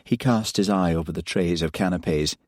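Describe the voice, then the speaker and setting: A man narrating an audiobook in a measured, even way. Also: low voice, no echo, clean studio sound. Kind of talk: scripted narration.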